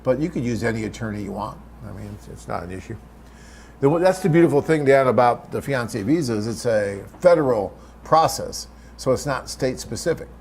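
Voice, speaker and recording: A man's voice: medium pitch, animated, fairly quick, gravelly, a little mellow, a little hiss or hum. A man hosting a live webcast, reading out viewer questions and answering them in a chatty, off-the-cuff way.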